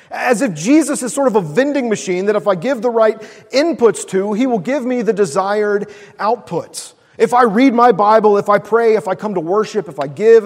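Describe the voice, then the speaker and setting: A male pastor preaching a sermon in a casual storytelling way, full of "like" and "uh". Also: sits high. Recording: long hall reverb.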